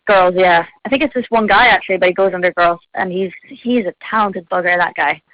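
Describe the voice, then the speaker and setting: A woman's voice: on the low side, a little fast, dry recording. A teenage girl, a singer being interviewed, chatting in a bubbly way with lots of fillers and giggles. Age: teens. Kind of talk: casual chat. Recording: phone line, dull and dry.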